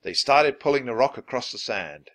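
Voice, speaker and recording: A man reads a children's chapter book aloud with lively, expressive pitch. His voice is bright with a gravelly texture. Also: normal speed. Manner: expressive, animated. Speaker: audiobook reader.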